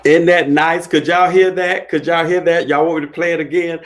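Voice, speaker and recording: A man's voice: fairly high pitch, steady tone, normal speed, background noise. A man working as a credit repair consultant, talking casually and emphatically to his viewers, preaching and joking in turns.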